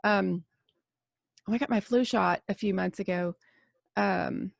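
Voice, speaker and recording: A woman in her forties with a gravelly edge to her voice, speaking as a nurse in a casual roundtable podcast chat. She talks candidly and rambles, with plenty of fillers and restarts. The sound is close and dry, with no room around it. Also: mid-range voice, a little slow, no echo. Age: 40s.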